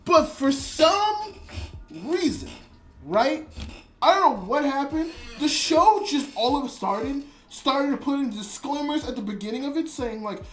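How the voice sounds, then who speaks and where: An anime reviewer talks casually on a livestream, with a voice that leaps up and drops down constantly. The delivery rambles, doubles back on itself and is peppered with swearing. It sounds excitable and unpolished. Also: a little slow, faint music behind. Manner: rambling, with many restarts and frequent swearing; excitable, jumps between high and low.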